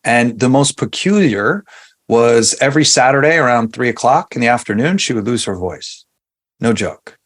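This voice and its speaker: A man in his forties from Long Island, New York, telling his story as a podcast guest in a relaxed, chatty way with plenty of fillers and restarts. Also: medium pitch, normal speed. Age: 40s. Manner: conversational, many fillers and restarts. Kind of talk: casual interview storytelling.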